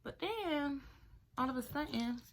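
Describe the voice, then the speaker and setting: A young woman telling a casual storytime to viewers while doing her hair, chatty and animated. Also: sits high, measured pace, a little hiss or hum. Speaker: beauty vlogger.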